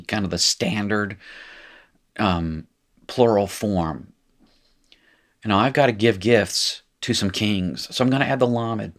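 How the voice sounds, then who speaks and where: A man teaching a live recorded language lesson, chatty and jokey, correcting himself as he goes. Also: on the low side.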